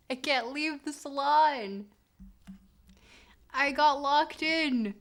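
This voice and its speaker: A woman's voice: sits high, very slow, long pauses. A woman streaming a geography game, reading chat aloud and reacting with laughter and mock outrage. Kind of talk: casual game stream commentary.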